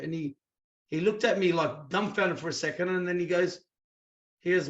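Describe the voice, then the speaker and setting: Speaking at a moderate pace with a somewhat high voice, this Australian man is an interview guest swapping casual stories. He's chatty and brings quoted dialogue to life by acting out each person with animated voices.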